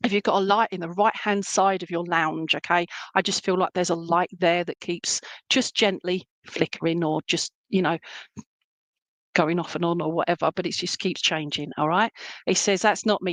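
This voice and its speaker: A woman's voice: on the low side, fairly bright tone, dry recording. Chatty woman medium, dry sound. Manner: chatty and reassuring, checks in with "okay?" and "all right?"; relays spirit messages in a homely, colloquial way. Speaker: spiritualist medium. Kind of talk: mediumship reading in an online church service.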